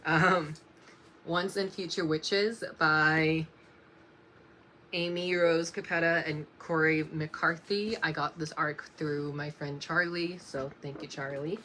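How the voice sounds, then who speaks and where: A young book vlogger with a low yet bright, clear voice reads slowly through her book list in a casual vlog, using fairly even intonation. She is unhurried, often pausing to apologize with a soft laugh, while a faint room hum sits in the background.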